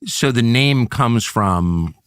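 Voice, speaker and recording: A man's voice: mid-range voice, expressive, takes it slowly, clear, resonant tone, no room sound, clean studio sound. A man hosting an interview, asking brief questions. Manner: brief questions and short acknowledgments. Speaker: interviewer host.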